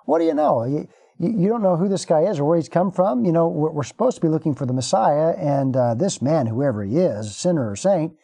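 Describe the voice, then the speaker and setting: A man's voice: a little high, lively intonation, brisk, vocal fry, dark tone, husky, exaggerated voice. A man voicing a healed blind man who answers his questioners with sarcastic wonder. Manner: sarcastic, marveling. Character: plain-spoken healed blind man, grown, incredulous.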